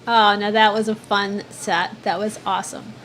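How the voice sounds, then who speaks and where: A woman's voice: mid-range voice, flat delivery, normal speed, fairly bright tone. A woman co-hosting a casual livestream chat, upbeat and teasing, saying she is sick. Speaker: co-host.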